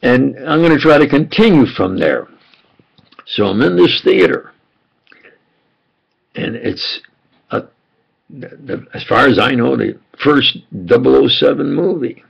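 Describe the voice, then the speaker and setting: An older American man with a heavily gravelly, husky voice rambles through a spontaneous recollection, stopping often for fillers and restarts. The sound is dull and lo-fi, like a home video recorded on a device mic. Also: mid-range voice, lively intonation, unhurried, long pauses. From United States. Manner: meandering, with frequent fillers and restarts. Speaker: self-styled preacher recounting memories.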